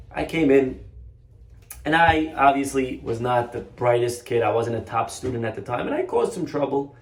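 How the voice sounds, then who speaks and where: A man giving a storytelling religious lesson as a rabbi, animated and acting out the voices in his tale. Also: medium pitch, moderate pace. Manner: animated storyteller, acts out quotes. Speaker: rabbi teacher. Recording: echoey room.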